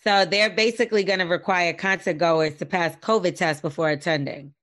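A woman's voice: fairly low pitch, fairly even intonation, a little fast, a bit bright. A woman co-hosting a podcast, talking bluntly in casual chat and swearing freely. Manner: blunt, swears freely, reads news aloud. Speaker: podcast co-host.

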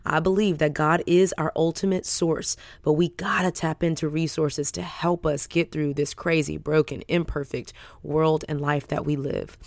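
A woman hosting a faith podcast, talking in a warm, effusive way. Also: low-pitched, steady tone, normal speed, vocal fry, few pauses, no echo. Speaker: podcast host. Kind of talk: casual faith podcast chat.

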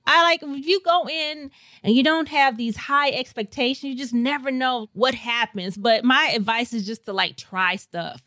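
An animated woman from St. Louis tells a story as a podcast guest, often breaking into laughter. Her voice is bright and sits a little high. The sound is dry and close. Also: normal speed, no echo. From St. Louis, Missouri. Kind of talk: casual storytelling.

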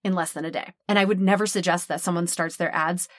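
A woman giving casual, candid business advice as an online course creator, telling stories in a chatty, animated way. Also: fairly low pitch, fast, no echo, studio quality. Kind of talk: casual talking-head advice.

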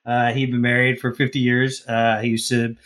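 A man in casual chat who rambles through a story, stopping and restarting and laughing as he goes. His pitch sits in the middle, and his voice carries an easy, loose delivery. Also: completely flat delivery, normal speed, a bit bright. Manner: rambling, many fillers and restarts, laughs while telling. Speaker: podcast co-host.

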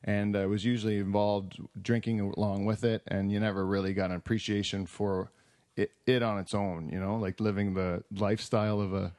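A man hosts a loose, rambling podcast chat, laughing often and restarting his sentences. His voice sits a little low and is picked up dry and close, with no room sound. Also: flat delivery, fairly quick, darkish tone, dry recording. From Canada. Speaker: podcast host. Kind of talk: casual chat.

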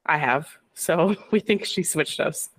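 A woman's voice: low voice, a little slow, a bit bright, no echo. A woman in her thirties co-hosting a chat podcast, rambling and laughing through her stories. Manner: giggly, rambling, lots of laughing asides. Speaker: podcast co-host. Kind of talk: casual chat.

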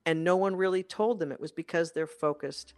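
Over soft background music, a career coach talks fairly quickly through a motivational speech. Phrases are repeated for effect, and the delivery is emphatic, rising and falling sharply in pitch and volume.

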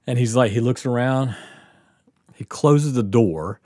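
A man hosting a comedy podcast, telling a story in a casual, animated way, swearing freely and laughing as he goes. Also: medium pitch, measured pace, no room sound, clean studio sound. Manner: animated, profane, laughing through his story.

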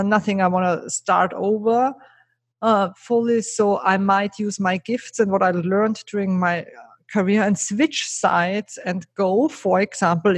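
On a dry recording, a middle-aged woman with a medium-pitched voice recounts her career as a guest on a podcast. English isn't her first language; a keynote speaker and trainer, she is earnest and emphatic, punctuating points with a rhetorical "right?"

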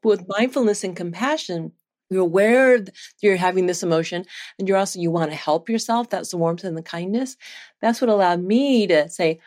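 A woman researcher, a guest in an interview, telling a personal story in an animated, earnest way and laughing now and then. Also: fairly low pitch, a little fast.

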